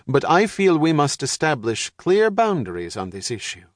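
A man's voice: a little high, big pitch swings, normal speed, dry recording, clean studio sound, pitched above the performer's own voice. A man voicing a fussy middle-aged mother who speaks in a precise, formal way without contractions. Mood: stern.

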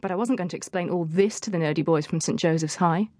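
A woman narrating a teen novel in the first person, in a lively storytelling manner, close to the mic. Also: on the low side, fast, dry recording. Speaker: audiobook narrator.

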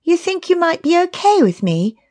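A woman's voice: extremely high pitch, big pitch swings, moderate pace, darkish tone, voice pushed up. A woman narrator voicing the heroine's own dialogue, a direct, teasing young woman.

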